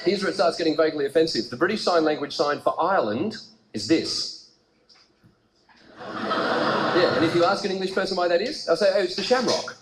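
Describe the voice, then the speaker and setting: An Australian man doing a stand-up comedy routine, telling stories conversationally and hitting punchlines with animated bursts. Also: a little high, normal speed, long pauses. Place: large comedy theatre stage with live audience. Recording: roomy live theatre sound with noisy audience.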